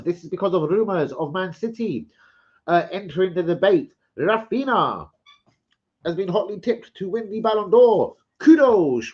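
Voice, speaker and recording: A man's voice: high-pitched, darkish tone, muffled recording. Sweary man chatting on a stream. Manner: sweary, rambling banter with chat viewers. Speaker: football fan channel host. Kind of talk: casual livestream chat reading transfer gossip.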